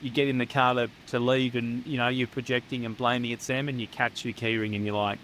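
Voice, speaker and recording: A man's voice: medium pitch, little pitch movement, fairly quick, fairly bright tone, a little hiss or hum, rough recording. An Australian man who works as a psychotherapist, speaking as a guest in a candid, casual chat, blunt and swearing freely. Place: home near the beach.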